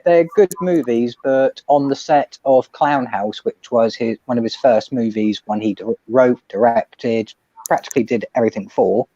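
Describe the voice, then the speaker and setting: A man's voice: medium pitch, warm tone, no room sound. Earnest man with dry, muffled audio. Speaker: stream guest. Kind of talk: casual chat on a watch stream.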